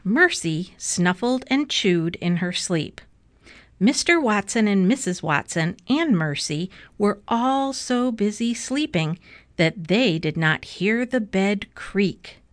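A woman reading a children's book aloud with slow, gentle, clear storytelling. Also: mid-range voice, animated, no echo. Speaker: storybook reader.

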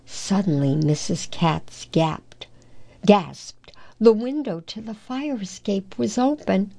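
A woman reading a children's storybook aloud in an unhurried, careful way. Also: mid-range voice, vocal fry, dark tone. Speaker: storybook reader.

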